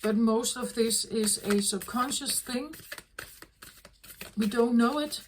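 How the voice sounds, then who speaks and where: A woman tarot reader talking in a slow, earnest, reflective way, often repeating herself as she works through a thought. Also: a little high, very noisy. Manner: slow, repetitive, earnest, self-correcting. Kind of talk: reflective spoken reading.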